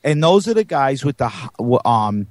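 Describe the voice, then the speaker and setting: A man co-hosting a live podcast in a studio, making dry, teasing jokes in a deadpan way. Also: medium pitch, normal speed, no room sound. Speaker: co-host. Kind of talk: casual live show banter.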